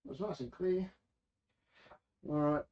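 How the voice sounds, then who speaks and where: A man's voice: fairly high pitch, a little slow. An Australian man hosting a home brewing livestream, chatting casually, talking to himself and answering viewers while he works. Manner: rambling, talks to himself and reads out chat. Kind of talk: casual live-stream chat while brewing. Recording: slightly dull lo-fi sound.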